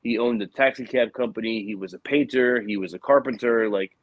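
A man's voice: medium pitch, brisk, dry recording, dull audio. A young adult man telling a personal story in casual conversation, earnest and rambling with many restarts.

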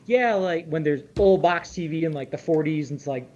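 Casual higher-voiced male podcast co-host. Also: a little fast, a little mellow. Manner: casual, filler-heavy talk. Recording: dull muffled audio with faint noise.

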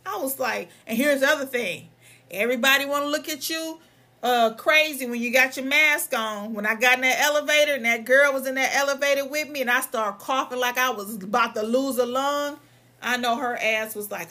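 A woman's voice: high voice, moderate pace, pushed and bright. A young woman, a lawyer and vlogger, ranting in a heated, emphatic and profane way, her voice strained from coughing. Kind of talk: angry ranting monologue.

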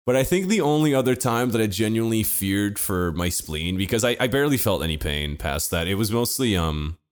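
Young guy, kinda low voice, bouncy pitch, rambly story with lots of restarts and cussing. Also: animated, fairly quick. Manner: rambling, laughing storytelling with frequent restarts and swearing. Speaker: storyteller in a casual chat. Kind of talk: casual chat.

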